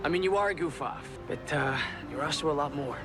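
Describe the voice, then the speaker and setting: An actor playing an earnest young male team leader who speaks sincerely, a little halting, in a TV show clip. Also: fairly high pitch, close to an everyday voice. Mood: apologetic. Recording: TV clip with loud music.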